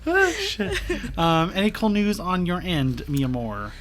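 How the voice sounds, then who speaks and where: A man's voice: a little high, big pitch swings, crowd noise. Giggly young man co-hosting a podcast. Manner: playful, giggly, drawn-out words. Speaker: podcast co-host. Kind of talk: casual chat.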